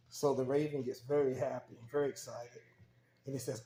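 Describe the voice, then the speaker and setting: A man's voice: mid-range voice, normal speed. Guy casually telling a story, laid back, echoey room with a little hum. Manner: relaxed, loose with fillers and repeats. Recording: roomy echo, faint background hum.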